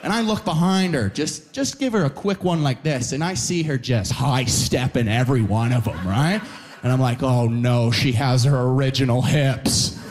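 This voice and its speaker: A man performing a stand-up set on stage, telling stories in an animated way, putting on lots of voices and ending lines with "right?". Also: medium pitch, normal speed. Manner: animated storytelling with many voices and frequent "right?" tags. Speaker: stand-up comedian.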